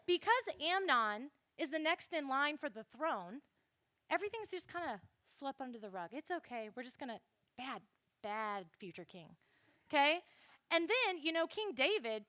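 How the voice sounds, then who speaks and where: Bright high-voiced young woman teaching. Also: moderate pace, no echo. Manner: animated, addresses listeners directly. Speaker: presenter of a Bible lesson. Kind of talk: classroom Bible lesson.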